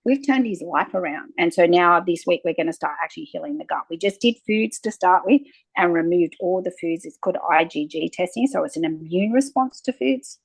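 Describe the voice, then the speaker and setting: Woman in her fifties, gravelly and husky, low-pitched, dry close sound, lively storytelling guest. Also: fairly quick, dry recording, poor audio. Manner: animated storyteller, acting out quoted exchanges. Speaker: naturopath guest. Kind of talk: conversational interview.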